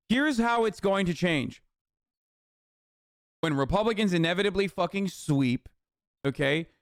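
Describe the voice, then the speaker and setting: A high-voiced man in his thirties rants angrily about politics on a live stream, cursing, sarcastic, and reading chat messages aloud. The recording is clean studio sound with no room echo.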